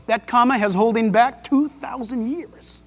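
A man preaching a sermon as pastor, emphatic and excitable, with jokes and rhetorical questions. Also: very high voice, a little slow. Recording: long hall reverb.

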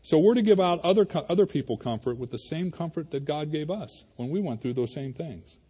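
A male pastor preaching a sermon in a church, conversational and animated, talking to the congregation like friends. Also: fairly high pitch, a little fast, husky. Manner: conversational and animated, addressing the congregation as "you guys". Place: church sanctuary. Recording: reverberant hall.

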